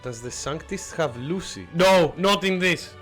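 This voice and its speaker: A man, not a native English speaker, chatting excitedly and laughing through live gameplay commentary. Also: fairly high pitch, a little slow, faint music behind. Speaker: streamer.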